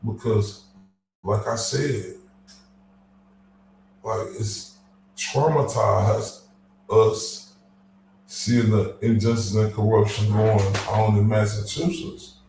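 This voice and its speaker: A man's voice: on the low side, mellow, a little hiss or hum. A man hosting a casual livestream, ranting with heavy profanity and reading chat comments aloud. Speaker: livestream host. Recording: echoey room, voice from far off.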